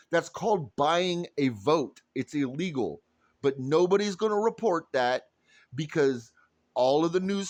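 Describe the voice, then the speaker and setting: This fairly high-pitched man is a political commentator ranting to camera, heated and profane as he speaks to his audience. The recording has no room sound.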